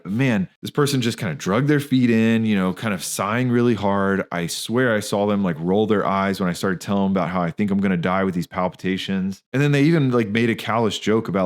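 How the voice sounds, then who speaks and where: A man in his thirties with a fairly low voice speaks as a podcast host. He talks candidly and emphatically, full of slang and asides. He tells personal stories casually. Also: a little fast, hardly any pauses. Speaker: podcast host, physician and practice owner. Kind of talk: casual spoken monologue.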